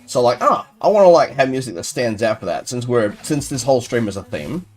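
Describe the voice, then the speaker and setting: A man's voice: medium pitch, sing-song, fairly quick, faint music behind. A young man chatting casually with his viewers while playing a game live, rambling and playful as he answers chat. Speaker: gaming streamer.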